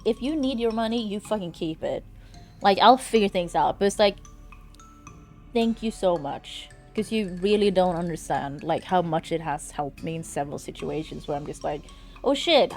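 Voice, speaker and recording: A young woman live-streaming a game, chatting casually and swearing freely as she talks to her viewers. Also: fairly low pitch. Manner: animated, swears freely, talks straight to chat. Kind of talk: casual gaming stream chat.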